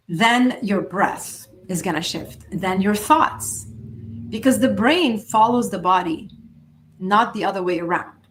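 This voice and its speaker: Woman coaching with emphatic pauses. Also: medium pitch. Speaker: podcast host. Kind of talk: solo motivational talk.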